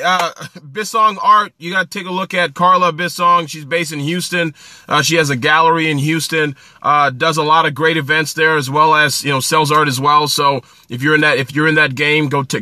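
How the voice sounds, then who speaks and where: A man's voice: fairly high pitch, fairly even intonation, moderate pace, bright, forceful tone, no room sound. A man from New Jersey hosting a casual phone livestream, greeting viewers by name in an upbeat, coaching way. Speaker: livestream host.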